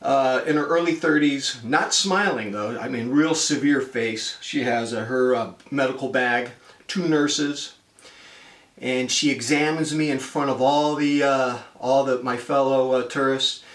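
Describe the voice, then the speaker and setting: A man's voice: mid-range voice, measured pace, fairly bright tone, roomy sound, distant mic. A man in his fifties from the United States telling a travel story in a chatty vlog, acting out the people he quotes. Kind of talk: casual spoken storytelling.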